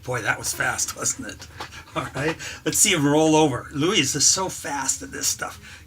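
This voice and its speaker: A man showing off his dog's pretend tricks in playful deadpan patter, laughing between lines. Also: mid-range voice, measured pace, husky. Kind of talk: playful show-and-tell to camera.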